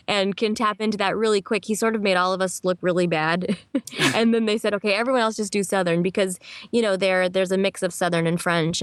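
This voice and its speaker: Chatty, animated voice actress. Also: female voice, mid-range voice, no echo. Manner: chatty and animated, laughs often, slips into quick impressions. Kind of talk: casual interview answers.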